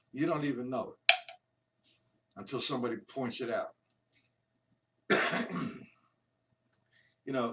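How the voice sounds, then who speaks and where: Slow-talking drum teacher counting beats. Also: male voice, mid-range voice, very noisy. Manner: counts beats aloud, loose and chatty. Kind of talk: live-streamed drum lesson. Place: drum room at a kit. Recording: far from the mic, loud music and drums behind. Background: loud drumming.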